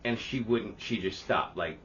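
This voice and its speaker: A man's voice: fairly low pitch, measured pace, highs cut off, slight background noise. A man co-hosting a podcast, telling stories in casual chat, swearing and acting out what people said. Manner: animated, swearing, acts out quotes. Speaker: podcast co-host.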